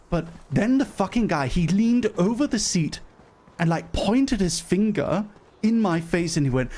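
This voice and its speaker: A man casually recounting a story to his stream, swearing freely and hammering his points with emphasis. His voice sits a bit higher than most men's, and soft music plays faintly behind him. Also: normal speed. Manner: animated, profane, emphatic, mocking.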